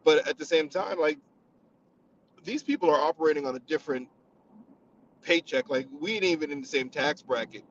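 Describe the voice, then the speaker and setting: Male call-in guest, slightly high voice, dull lo-fi line with faint hiss, thoughtful. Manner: measured, reflective, with fillers. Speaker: caller. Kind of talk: call-in commentary.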